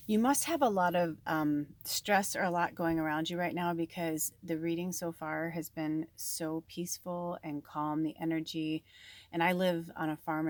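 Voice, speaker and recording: A tarot and oracle card reader gives a casual spiritual reading at home on a farm, rambling and chatty and full of fillers. Her voice is deep, with no room sound.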